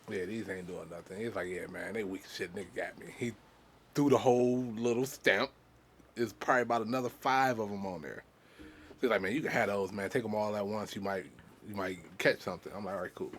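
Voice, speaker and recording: A man's voice: fairly low pitch, a little hiss or hum. A man co-hosting a podcast, telling a story in a laid-back, slangy way. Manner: laid-back slangy delivery with many "mm-hmm" backchannels. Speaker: podcast co-host. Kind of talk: casual storytelling.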